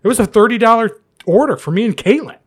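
A man's voice: very high voice, expressive, fast talker. A man co-hosting a podcast, telling stories animatedly and slipping into put-on voices. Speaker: podcast co-host. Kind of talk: casual group chat.

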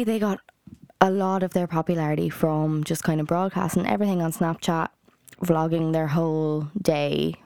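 Low-voiced, blunt Irish woman. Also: gravelly, warm tone, smooth, no echo, studio quality. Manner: rambling, blunt, swears freely, many fillers. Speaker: podcast host. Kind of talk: casual solo podcast chat.

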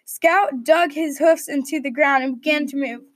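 A woman reading a medieval adventure story aloud at a steady read-aloud pace. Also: high-pitched, normal speed, dry recording.

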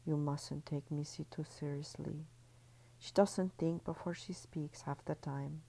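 A woman reading a story, voicing a tender, fatherly man who coos soothing words in a soft whisper. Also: sits low, fairly even intonation, measured pace, creaky, slightly rough, full character voice, low-quality recording.

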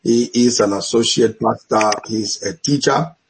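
A man's voice: mid-range voice, a little slow, a little hiss or hum, poor audio. A middle-aged man with an African accent, a bishop hosting an online church talk, laughing often and blessing his guests.

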